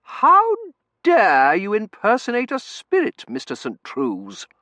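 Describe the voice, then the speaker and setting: A cold, commanding Victorian matron. She talks down to everyone with frosty disdain, drawing out her words slowly. The delivery is loud and lofty. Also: sits high, sing-song, no echo, voice pushed up, exaggerated voice. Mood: indignant. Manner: icy, disdainful, imperious.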